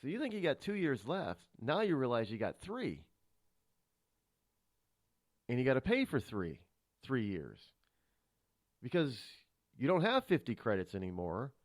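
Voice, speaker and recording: Lively, lecturing talk radio host. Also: male voice, mid-range voice, a little slow, long pauses, dry recording, studio quality. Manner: lecturing, rhetorical questions, restarts. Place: radio studio. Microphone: studio microphone.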